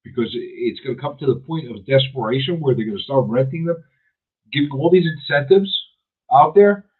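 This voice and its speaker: Speaking at a medium pitch and normal speed with a breathy edge, this New York City man hosts a talk radio show. He delivers an emphatic, opinionated monologue and often restarts his sentences, and the audio sounds tinny, like radio over a phone.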